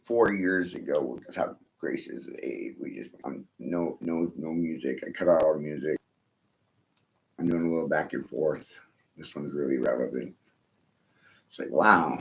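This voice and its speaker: A man's voice: very deep voice, normal speed, vocal fry. A man delivering a rambling, profane monologue, swearing freely, laughing often and asking "right?" after his points. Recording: dull lo-fi recording.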